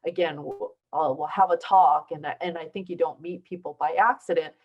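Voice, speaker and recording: A woman's voice: low voice, steady tone, normal speed, highs cut off. A middle-aged woman from southern China, a basketball coach, tells stories to an audience in a casual way, full of restarts and fillers. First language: Taiwanese. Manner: conversational storytelling with many restarts and fillers. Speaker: basketball coach giving a talk. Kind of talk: informal speech to an audience. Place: university lecture hall.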